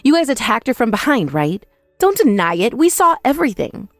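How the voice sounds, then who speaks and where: A woman's voice: fairly high pitch, big pitch swings, brisk, no room sound, studio quality, soft background music. A woman narrating a dramatized first-person story in a confrontational, scolding way.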